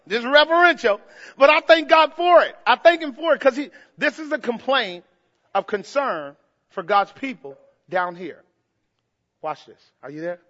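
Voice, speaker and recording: An older man, a pastor, preaching a sermon, swinging from quiet asides to shouted emphasis and playful mimicry. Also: very high-pitched, lo-fi sound.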